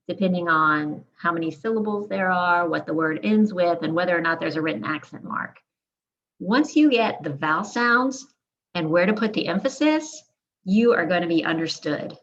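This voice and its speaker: A woman teaching a pronunciation lesson, modeling words one at a time in deliberate, careful lists. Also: fairly low pitch, fairly bright tone, muffled recording. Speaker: Spanish teacher.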